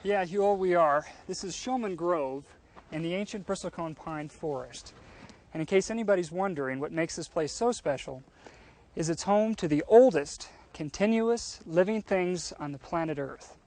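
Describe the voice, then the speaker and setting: A man guiding an interviewer through a high mountain forest outdoors, explaining things patiently in a friendly way. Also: moderate pace, a little mellow. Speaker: local forest guide.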